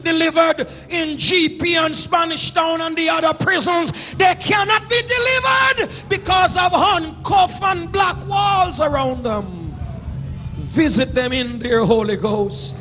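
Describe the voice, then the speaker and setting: A man with a Jamaican accent preaching a fiery sermon as bishop and senior pastor, shouting in drawn-out exhortations and singsong pleas and calling on the congregation to answer. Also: extremely high pitch. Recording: dull lo-fi church recording with music.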